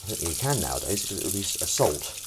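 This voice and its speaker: A man hosting a casual live stream, rambling and self-mocking with sudden shouts while he does the washing up at home. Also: low-pitched, sing-song, rapid-fire, noisy background. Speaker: streamer host. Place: home kitchen, doing the washing up. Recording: clattering dishes and running water.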